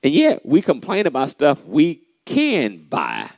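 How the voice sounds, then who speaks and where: A man hosting a motivational church pep talk, animated and preachy, often saying "man" and repeating key lines for emphasis, with a playfully sarcastic edge. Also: a little high, unhurried, vocal fry, no echo.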